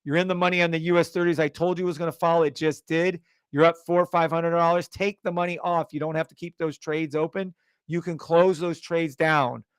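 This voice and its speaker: A man hosting a live trading stream, loud and hyped, cursing freely and dropping from shouts to mutters. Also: on the high side, steady tone, a little fast, smooth, dry recording.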